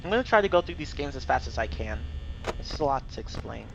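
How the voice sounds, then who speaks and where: A young man streams gameplay, casually explaining the game's mechanics as he plays and cursing in exasperated outbursts when things go wrong. His mid-range voice is creaky, very animated and fast. The dull lo-fi mic carries a faint hiss.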